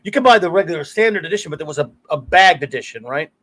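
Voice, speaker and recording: A middle-aged man hosts a casual live stream, winding through long anecdotes. His voice sits high for a man. He curses freely and breaks into laughs between stories. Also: animated, very fast, fairly bright tone. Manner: rambling storyteller, curses freely, laughs often. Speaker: podcast host.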